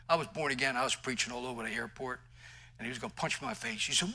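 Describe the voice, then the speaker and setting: A man's voice: medium pitch, fairly even intonation, rapid-fire, sharp tone, rough recording. A male pastor preaching a sermon in an emphatic, conversational way, mixing scripture with personal stories.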